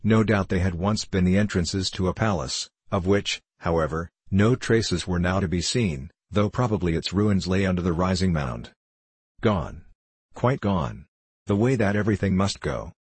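Solemn male narrator, very low, husky, close and dry. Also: dry recording. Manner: solemn, measured storytelling. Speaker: audiobook narrator. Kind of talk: scripted narration of an adventure novel.

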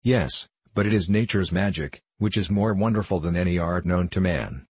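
A man's voice: low voice, normal speed, darkish tone, husky, no echo. A man reading the part of a stern old male magician in a storybook, lecturing and matter-of-fact.

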